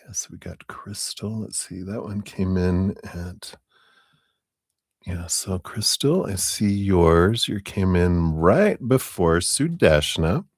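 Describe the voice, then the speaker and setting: A man with a deep, low-set voice gives a live tarot reading in unhurried, drawn-out phrases. He rambles casually, leaning on "you know" fillers and soft chuckles. The sound is dry and close, with no room around it. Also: expressive, slightly rough, dry recording. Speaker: tarot reader hosting a live stream.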